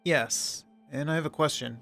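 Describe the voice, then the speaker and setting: Over soft background music, a man with a fairly high, gravelly voice and sharp tone talks at normal speed while streaming a game into an arm-mounted desk mic. It's casual let's play commentary: he reads the game's narration aloud and chats to himself.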